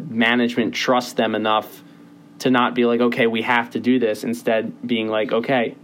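Young guy hosting a sports podcast, lots of ums and likes, rattles off stuff fast, faint hiss. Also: mid-range voice. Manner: rambling, heavy fillers, quick bursts. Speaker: podcast host. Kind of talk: casual sports podcast chat.

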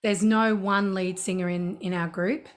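A woman talks through her songwriting in a casual interview. She tells stories in an easy, chatty way and keeps things animated with quick asides. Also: mid-range voice. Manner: chatty, anecdotal, animated storytelling. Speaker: songwriter and singer.

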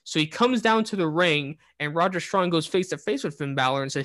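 A man's voice: fairly high pitch, fast, few pauses, fairly bright tone, dry recording. A man co-hosting a casual wrestling podcast, recapping the show in a rambling way with many fillers and restarts. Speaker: podcast co-host.

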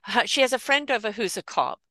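A woman host with a South African accent, telling a story in a lively, candid way. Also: a little high, brisk, no echo. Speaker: podcast host. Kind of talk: casual conversational storytelling. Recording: dry close recording.

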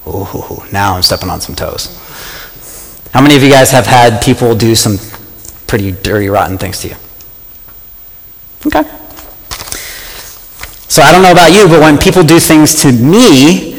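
A man preaching a sermon, passionate and animated, often asking his listeners questions. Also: medium pitch, normal speed, long pauses, in a large hall, low-quality recording.

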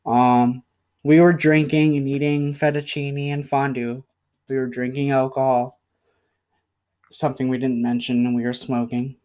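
Halting, apologetic young man, smooth flat voice. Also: mid-range voice. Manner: halting and apologetic, many pauses and fillers. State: emotional. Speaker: podcast host. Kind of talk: solo podcast apology.

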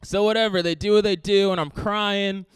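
A man doing stand-up storytelling, animated, acting out each quoted line with big jumps in pitch and loudness. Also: normal speed, clear, resonant tone, dry recording. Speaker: stand-up comedian.

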